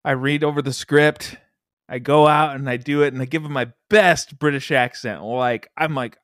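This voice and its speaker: A man's voice: medium pitch, fairly even intonation, moderate pace, a bit bright, no room sound, clean studio sound. A man co-hosting a casual gaming podcast, telling funny stories in a jokey, self-mocking way. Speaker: podcast co-host. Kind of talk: casual podcast chat and storytelling.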